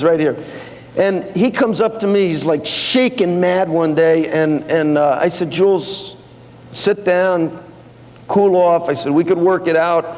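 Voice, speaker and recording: At a company seminar, a man with a high, darkish voice gives an anecdotal business talk to an audience in a seminar hall. He tells stories casually, quoting back-and-forth dialogue, with fillers and restarts, and the recording carries long hall reverb.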